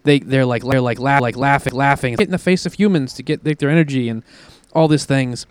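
A man chatting casually as a co-host, his voice smooth and clear. He rambles through plot summaries, laughing often. The sound is close and dry, with no room around it. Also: medium pitch, brisk, no room sound. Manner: rambling, laughs often, fillers while retelling plots. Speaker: podcast co-host reviewing comics. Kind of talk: casual chat.

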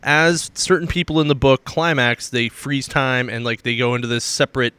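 A man's voice: medium pitch, fairly even intonation, normal speed, sharp tone, smooth, dry recording. A man co-hosting a casual comics show, talking loosely with hedges and jokes and trailing off mid-thought. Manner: loose, hedging, jokey, trails off mid-sentence. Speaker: podcast co-host reviewing comics. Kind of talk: casual chat.

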